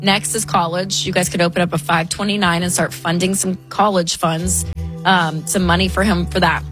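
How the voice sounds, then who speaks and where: A woman's voice: fairly low pitch, flat delivery, normal speed, over music. A woman co-hosting a call-in finance show, encouraging and reassuring the caller. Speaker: co-host.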